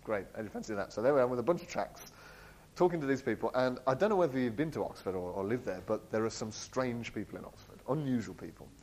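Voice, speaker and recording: A man telling a personal story in an animated way. He laughs often and acts out the voices of the people he quotes. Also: mid-range voice, fast, rough recording. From England. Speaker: speaker sharing a personal testimony. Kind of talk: storytelling talk.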